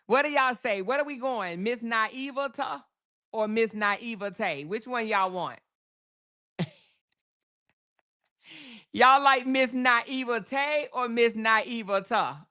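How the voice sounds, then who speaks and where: Woman doing a chatty livestream, bright voice, reads out chat msgs, drawls and laughs a lot. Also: a little high, takes it slowly, long pauses. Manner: chatty, drawls names, reads super chats aloud, laughs often. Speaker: livestream host. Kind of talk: casual live chat with viewers.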